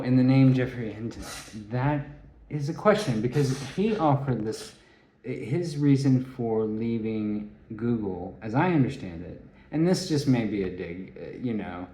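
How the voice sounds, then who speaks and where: A man giving a rambling solo talk, halting and restarting his phrases. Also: mid-range voice, warm tone. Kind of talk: rambling spoken monologue. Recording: echoey room.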